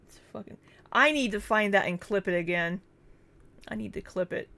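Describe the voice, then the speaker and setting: A woman's voice: mid-range voice, normal speed, vocal fry, fairly bright tone. A young woman hosting a casual livestream, reading out viewer names, thanking them and laughing often between replies. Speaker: livestream host.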